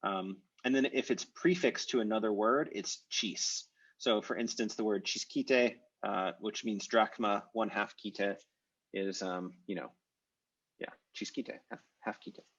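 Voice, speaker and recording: A man's voice: on the low side, measured pace, fairly bright tone, husky, dull audio. A man teaching a live online language class over a video call, explaining step by step with many "uh"s and "um"s. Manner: explanatory, with frequent "uh" and "um".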